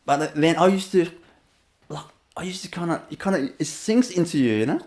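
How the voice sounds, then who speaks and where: A man's voice: a little high, a little fast, darkish tone. Vietnamese-accented man, laughing as he talks. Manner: laughs often, loose and rambling with many fillers. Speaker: spiritual teacher. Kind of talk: storytelling webinar talk.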